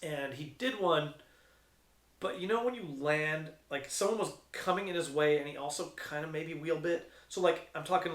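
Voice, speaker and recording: Middle-aged guy judging skate contests, swears a lot, kinda high voice, echoey room. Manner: profane, animated, slangy. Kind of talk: casual storytelling.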